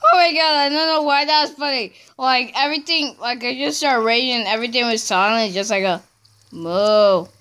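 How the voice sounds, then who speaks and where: A woman's voice: fairly high pitch, moderate pace, fairly bright tone, clean tone. A woman casually commenting on her own gameplay, chatty and talking to herself, breaking into screams when she fails. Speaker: gameplay channel host.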